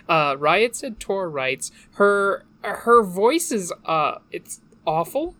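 A woman's voice: mid-range voice, sing-song, very slow, a bit bright. A woman co-hosting a casual podcast, dry and teasing, with frequent fillers. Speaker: podcast co-host.

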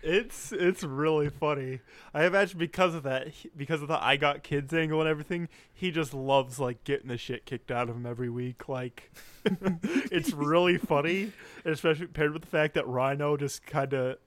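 A man's voice: a little high, normal speed, no echo. A man co-hosting a casual wrestling recap, telling it with wry amusement and plenty of swearing. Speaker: wrestling podcast co-host.

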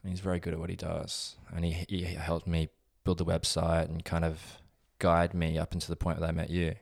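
A young man who coaches strength training, chatting casually in an interview, relaxed and rambling with many fillers. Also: deep voice, brisk, creaky, dry recording, studio quality. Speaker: gym owner and strength coach.

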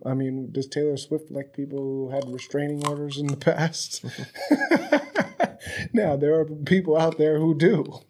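A man's voice: fairly high pitch, darkish tone, slightly rough. A man hosting a podcast, talking loosely and profanely in a chatty, storytelling way. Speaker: podcast host. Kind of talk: casual conversation. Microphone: podcast microphone.

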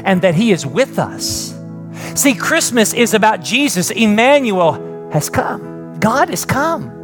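Taking his time over music, a middle-aged pastor with a high voice and big pitch swings delivers a conversational sermon. He asks the live congregation and online viewers rhetorical questions, builds to emphatic peaks, and finishes with a soft, prayerful close.

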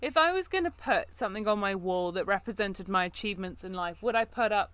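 A woman's voice: medium pitch, lively intonation, fairly quick, a bit bright, dry recording. A woman co-hosting a podcast in casual chat, thoughtful and wry with easy laughs. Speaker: podcast co-host.

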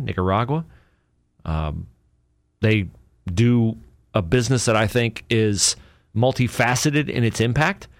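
A lone podcast host rambles casually through his sports memories, full of fillers and self-corrections. His mid-range voice comes through clean, studio-quality sound without echo.

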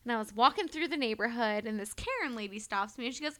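This is a woman chatting on a casual podcast, her voice bright and a touch high. She tells stories in an animated rush, peppered with profanity. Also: brisk, few pauses. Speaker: podcast co-host.

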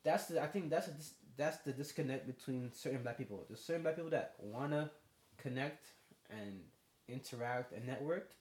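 A man's voice: medium pitch, normal speed. Young guy on a podcast, acts out convos, echoey room. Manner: animated storyteller, acts out both sides of conversations. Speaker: podcast co-host. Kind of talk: casual chat. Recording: roomy echo.

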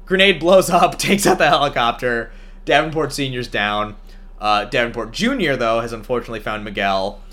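Podcast host, man, bright tone, animated casual recap, laughs easily. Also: mid-range voice, moderate pace. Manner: animated storytelling, laughs often. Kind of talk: casual movie recap chat.

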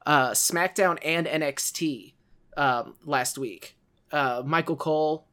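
Male podcast co-host, a touch high-pitched, laid-back and rambling. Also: takes it slowly, sharp tone. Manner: easygoing, rambling, with many fillers. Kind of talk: casual podcast chat.

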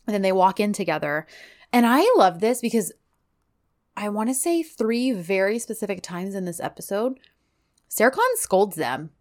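A woman's voice: medium pitch, moderate pace. A woman co-hosting a podcast, chatting casually as she recaps a drama and acts out characters' lines. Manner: animated, acts out quotes from the show. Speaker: podcast co-host.

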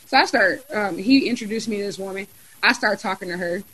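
A young adult woman chatting casually on a podcast, telling a lively story with many fillers. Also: mid-range voice, fairly quick, breathy edge, poor audio. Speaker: student government officer and podcast guest.

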